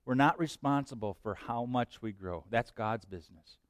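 A man preaching a sermon as pastor, swinging between hushed lines and loud bursts. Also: mid-range voice, normal speed, no room sound, clean studio sound.

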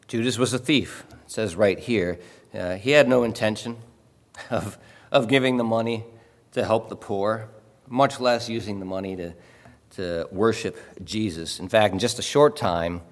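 A man preaching a sermon in a conversational way, often pausing to ask "okay?" and repeating words as he explains. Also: lowish voice. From Illinois. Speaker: pastor. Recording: long hall reverb.

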